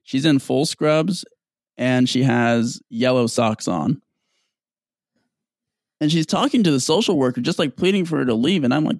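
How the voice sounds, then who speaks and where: A man's voice: mid-range voice, moderate pace, no echo, clean studio sound. Casual young man telling a story. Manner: animated, swearing, acts out others in dialogue.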